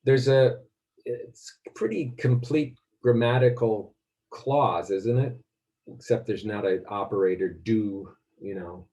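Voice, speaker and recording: A man's voice: lowish voice, measured pace, mellow. A man lecturing a class, thinking aloud and often restarting his sentences.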